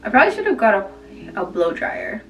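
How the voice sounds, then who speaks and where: A woman's voice: medium pitch, wildly swooping pitch, normal speed, creaky, a bit bright, far from the mic, lo-fi sound, faint music behind. A woman chatting casually to camera as a beauty vlogger, rambling with lots of fillers.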